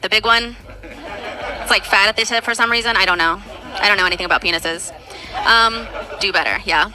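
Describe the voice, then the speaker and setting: A woman's voice: medium pitch, rough recording. A woman performing stand-up comedy with a dry, offhand delivery.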